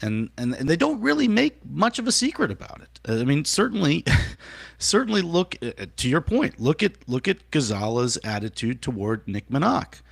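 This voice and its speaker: Gravelly-voiced male co-host. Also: on the high side, big pitch swings, normal speed, no room sound, studio quality. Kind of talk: political talk show chat.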